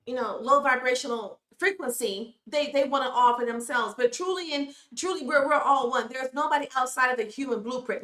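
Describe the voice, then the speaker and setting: Woman vlog host with a bright, forceful, emphatic delivery, in an echoey room. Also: high voice. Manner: preachy, emphatic, addresses viewers as "y'all". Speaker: YouTube commentary host. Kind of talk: casual commentary vlog.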